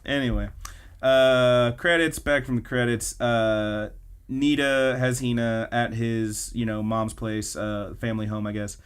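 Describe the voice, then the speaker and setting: Clear-voiced man recapping anime. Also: mid-range voice, unhurried. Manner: animated storytelling, acts out scenes. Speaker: podcast host. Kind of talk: casual anime podcast recap.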